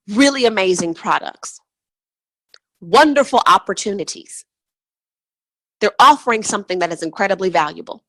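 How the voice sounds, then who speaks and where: A woman's voice: mid-range voice, fairly bright tone, dry recording. A woman teaching as a money mindset coach on a call, emphatic and fond of repeating words for stress. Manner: emphatic, repetitive, chant-like stresses.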